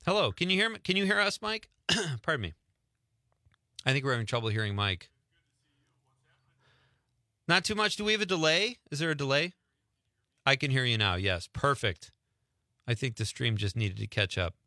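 Male radio host, bright crisp voice, dry studio sound, chatty. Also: mid-range voice, animated, normal speed, pauses often, no room sound. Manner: chatty, laughs easily. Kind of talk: casual radio talk.

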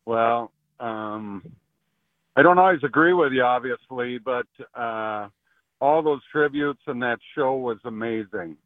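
A man calls in to a radio show and talks in halting, hesitant bursts. His mid-pitched voice comes through a narrow, tinny phone line. The sound is dry, with no room around it. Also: no echo. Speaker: caller. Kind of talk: casual radio call-in. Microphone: telephone.

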